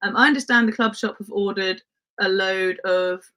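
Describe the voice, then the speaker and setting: A woman's voice: medium pitch, normal speed, a bit bright. A woman who grew up in Spain hosts a casual livestream, reading viewer comments in a chatty way and laughing often, with lots of "um" and "like". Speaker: livestream host.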